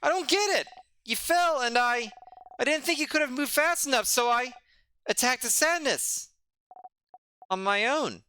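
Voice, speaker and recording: A streamer voicing an anxious young kid companion in a game, speaking in a high, strained, pleading way. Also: expressive, measured pace, pauses often, bright, forceful tone, a little hiss or hum, heavily acted. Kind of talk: voicing game dialogue in a let's play.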